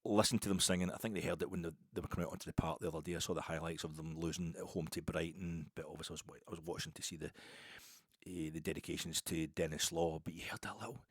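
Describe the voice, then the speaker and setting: A man's voice: deep voice, steady tone, racing, slightly rough, no room sound. A man hosting a podcast, talking in a rambling, chatty, wry way with many asides and restarts. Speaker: podcast host. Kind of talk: casual football podcast monologue.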